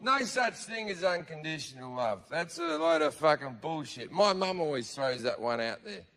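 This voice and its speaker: A man's voice: fairly high pitch, big pitch swings, moderate pace, sharp tone. A man performing a stand-up comedy routine live, crude and sardonic, swearing often and acting out characters. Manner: crude, swearing, sardonic storytelling with acted-out voices. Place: live venue with audience.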